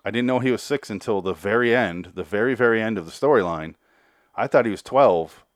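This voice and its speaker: A man's voice: lowish voice, fairly quick, no echo, clean studio sound. A man giving a casual, rambling recap, sarcastic and foul-mouthed, with lots of digressions. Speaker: reviewer.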